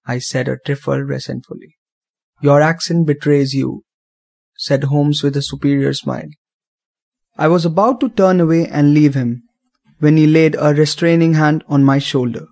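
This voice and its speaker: Expressive male storybook narrator. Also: a little high, moderate pace, gravelly.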